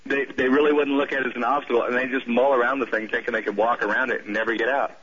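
A man's voice: medium pitch, fairly even intonation, fairly bright tone, husky. Rambling male caller with a Southern accent. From southern United States. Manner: rambling, halting, with many restarts. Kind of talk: call-in radio conversation. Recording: muffled radio broadcast audio.

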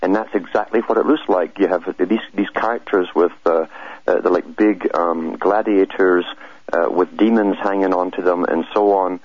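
Deep husky guy on radio, halting explainer, dry muffled sound. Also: no echo. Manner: hesitant, repeats words, steady explaining. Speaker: radio guest. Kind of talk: conversational radio interview.

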